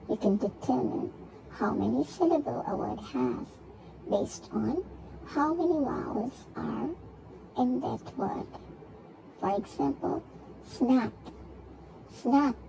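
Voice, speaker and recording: Slow, gravelly-voiced woman teacher. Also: high-pitched, background noise. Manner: repeats each word slowly and spells out syllables. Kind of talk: recorded grammar lesson for young children.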